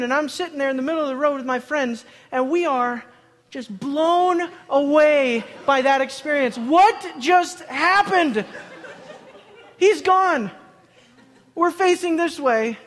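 A man with a notably high voice spins a comic tale for a crowd, words tumbling out between bursts of laughter and quick restarts. His voice rings out in a big hall with a long, lingering reverb. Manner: laughs often mid-sentence, excited, repeats words. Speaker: speaker telling a story to a live audience. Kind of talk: animated personal storytelling.

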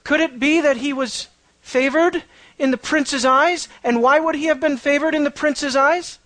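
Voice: moderate pace, no echo. A preacher working verse by verse through a passage in a sermon, throwing questions at the listeners and repeating key phrases for emphasis. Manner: asks the listeners rhetorical questions; pitch and loudness swing widely for emphasis. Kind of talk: expository sermon.

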